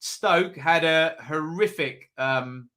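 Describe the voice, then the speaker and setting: A man's voice: a little high, takes it slowly, bright, forceful tone. A man hosting a live football predictions stream, chatting casually, thinking aloud and reading out viewers' comments.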